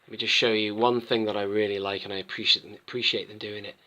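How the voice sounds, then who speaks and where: A man with a strikingly bright, forward tone talks casually to camera as he reviews collectible figures. He rambles, doubles back and corrects himself as he goes, in an easygoing, conversational manner. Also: lowish voice, little pitch movement, fast talker. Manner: rambling, chatty, self-interrupting. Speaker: toy collector channel host.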